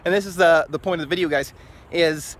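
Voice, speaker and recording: A man's voice: on the high side, steady tone, brisk. A man talking in a casual opinion vlog, rambling and opinionated and often chuckling, recorded outdoors in a city. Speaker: vlogger.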